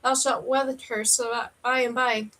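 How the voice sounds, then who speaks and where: A woman's voice: fairly high pitch, level tone, a little slow, fairly bright tone. A woman reading aloud, voicing a trio of old witches who wail and mock in archaic speech. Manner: wailing, archaic, mocking. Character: three shrieking, cackling old witches.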